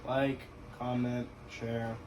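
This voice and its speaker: A man taste testing a home-cooked dish on camera, speaking briefly and low-key, sometimes with his mouth full. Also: level tone, extremely slow, a little mellow, slight background noise. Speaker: taste tester. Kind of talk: casual taste test.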